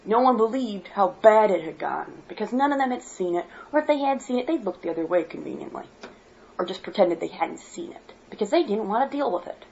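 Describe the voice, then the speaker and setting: A woman's voice: medium pitch, lively intonation, brisk, gravelly, darkish tone, slight background noise. A woman from Michigan giving a worked-up personal monologue as a vlogger, blunt and swearing freely. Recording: dull lo-fi home recording.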